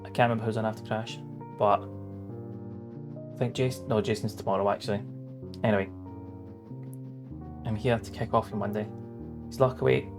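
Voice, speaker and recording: A man's voice: on the low side, fairly even intonation, brisk, long pauses. A man streaming a game, chatting in an upbeat, casual way and reading text aloud. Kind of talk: casual gaming commentary. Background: game music.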